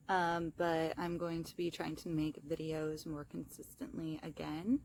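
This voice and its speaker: A woman's voice: sits low, little pitch movement, unhurried, a little mellow, slight background noise. A young woman with a lisp, chatting casually and apologetically outdoors in a self-help vlog, with lots of fillers. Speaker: vlogger.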